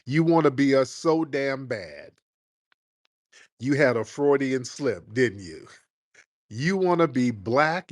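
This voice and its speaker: A man's voice: medium pitch, no echo, clean studio sound. Combative, mocking male stream host. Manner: combative, mocking, rapid-fire insults. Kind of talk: live call-in stream debate.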